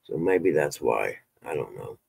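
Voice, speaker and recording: A man's voice: rumbling low, sing-song, a little slow, creaky, darkish tone, husky, no room sound. A man casually chatting with viewers on a live stream, folksy, and swearing when he gets fired up.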